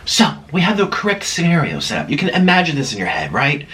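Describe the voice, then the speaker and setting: A man's voice: fairly high pitch, wildly swooping pitch, fast talker, pushed and bright, slight background noise. Chatty man telling a story between bites. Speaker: vlogger. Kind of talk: eating vlog with storytelling.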